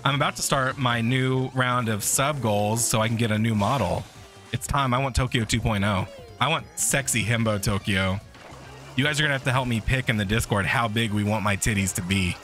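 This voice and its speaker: A man's voice: brisk, fairly bright tone. A man livestreaming a game, talking to his viewers in a mid-range voice. He swears constantly and rants at what happens on screen. Faint game music plays behind him. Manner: foul-mouthed, ranting at the game, voice cracking high when frustrated. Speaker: streamer. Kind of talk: live gameplay commentary.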